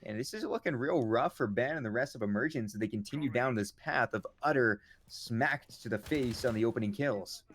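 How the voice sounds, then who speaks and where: A man calling an esports match play-by-play, excitable and joking around between the action. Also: medium pitch, fairly quick, hardly any pauses, a little hiss or hum. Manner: excitable, jokey banter between calls. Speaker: esports caster.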